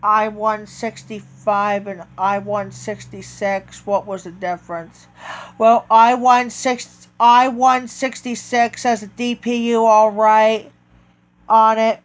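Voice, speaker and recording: A man talking casually in a vlog, halting and correcting himself often as he goes. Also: high voice, level tone, clear, resonant tone. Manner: halting, with many restarts and self-corrections. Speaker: train video vlogger.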